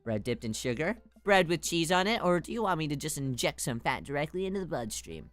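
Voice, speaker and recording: A woman voicing an awkward, well-meaning middle-aged father who talks gently and earnestly to his teen daughter in a video game. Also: low-pitched, sing-song, brisk, soft background music. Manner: gentle, fumbling, dad-joke earnest.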